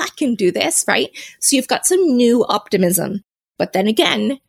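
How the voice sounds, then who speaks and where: A slightly rough, creaky, mid-range voice belongs to a woman hosting her own podcast. She chats casually on her own, mocking herself and laughing at her own remarks.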